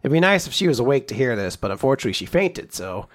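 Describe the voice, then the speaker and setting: A man's voice: mid-range voice, big pitch swings, fast. A young man in casual chat, animatedly retelling a chapter and jumping into character voices as he goes. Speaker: podcast co-host recapping a manga chapter.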